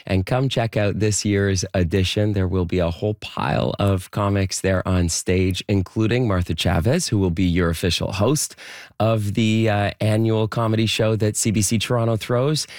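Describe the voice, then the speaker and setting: A man hosting a morning radio show in a studio, speaking briskly and conversationally. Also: on the low side, steady tone, darkish tone, no echo. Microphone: studio microphone.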